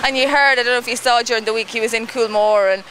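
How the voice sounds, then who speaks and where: A fast-talking woman interviews jockeys at a race track at night. Her voice is bright and forward, and her teasing questions come quickly. Faint outdoor noise sits behind her. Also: on the high side, fairly even intonation.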